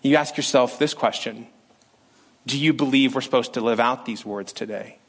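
Animated pastor preaching a sermon. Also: male voice, mid-range voice, normal speed. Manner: lively, animated delivery with acted-out quotes.

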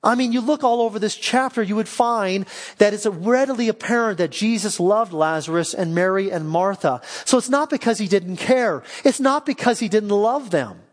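High-voiced man preaching a sermon. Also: lively intonation, long reverb tail. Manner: reads verses slowly then asks questions with rising emphasis. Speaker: guest pastor. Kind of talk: sermon reading scripture.

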